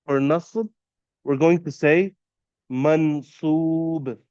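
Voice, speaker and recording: A man teaching a classroom lesson, patiently quizzing students and repeating terms slowly. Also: a little high, darkish tone, dry recording, highs cut off. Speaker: Arabic teacher. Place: classroom at an Islamic center.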